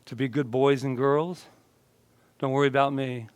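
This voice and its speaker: A man's voice: medium pitch, flat delivery, normal speed, smooth, no echo. A male minister giving a casual, joking sermon and chatting with his congregation. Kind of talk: conversational sermon.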